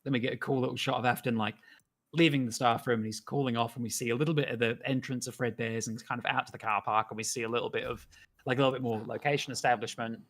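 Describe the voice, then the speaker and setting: A man's voice: medium pitch, very fast. A man in casual chat, animatedly walking through a scene he is animating and acting out bits of it. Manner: animated storytelling, acts out characters. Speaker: co-host, animator.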